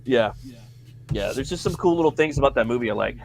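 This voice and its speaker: A man's voice: medium pitch, animated, fast talker, vocal fry, soft background music. Profane rambling man chatting. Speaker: podcast co-host. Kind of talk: casual chat.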